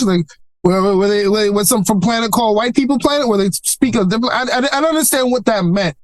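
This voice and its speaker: A man in his forties from Brooklyn, a podcast guest in casual interview chat, an animated storyteller who laughs often. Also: high-pitched, quick pace, no echo. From Brooklyn, New York.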